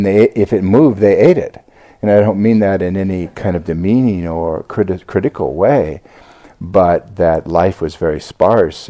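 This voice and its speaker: An older American man gives a reflective Buddhist talk with a deep voice. His tone is gravelly and mellow. He stops and restarts often and fills the gaps with "uh" and "you know.". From United States. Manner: halting, with many fillers and restarts. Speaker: Buddhist teacher giving a talk.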